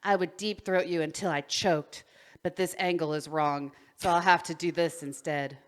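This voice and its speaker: Woman reading teasing young woman with a knife, lowish voice, read aloud. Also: steady tone, moderate pace, lightly acted.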